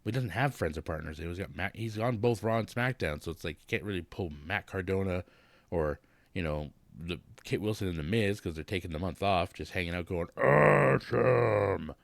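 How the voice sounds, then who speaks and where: Deep-voiced man ranting about wrestling. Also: brisk, no room sound. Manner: blunt, profane, rambling. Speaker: wrestling vlogger. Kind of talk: casual wrestling recap rant.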